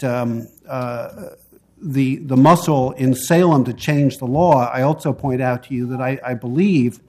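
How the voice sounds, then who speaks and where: Man giving measured testimony at a hearing. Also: mid-range voice, darkish tone. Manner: measured and deliberate, halting between phrases. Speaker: public commenter at a city council hearing. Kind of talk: formal public testimony.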